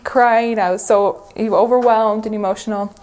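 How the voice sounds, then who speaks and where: A woman's voice: mid-range voice, steady tone, moderate pace, darkish tone. Chatty woman recounting a long trip. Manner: chatty, laughing between phrases. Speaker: interviewee recalling mission travel. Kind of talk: recorded interview storytelling.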